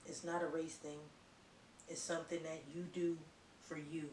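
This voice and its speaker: A woman's voice: sits low, little pitch movement, normal speed, darkish tone. Psychic reader, female: blunt, emphatic, repetitive. Recorded with a roomy echo off a distant mic and faint hiss. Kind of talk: channeled tarot-style reading to viewers.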